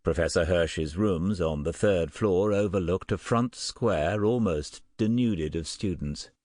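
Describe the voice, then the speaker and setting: Deep-voiced male audiobook narrator. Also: measured pace, darkish tone, dry recording. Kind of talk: scripted narration.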